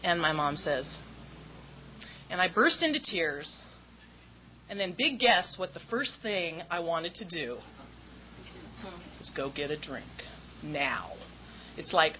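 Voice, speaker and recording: A woman's voice: fairly low pitch, expressive, moderate pace. A woman giving a candid, self-mocking talk as an AA speaker about her recovery, acting out the voices of people in her story. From Southern California. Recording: dull lo-fi talk recording with faint noise.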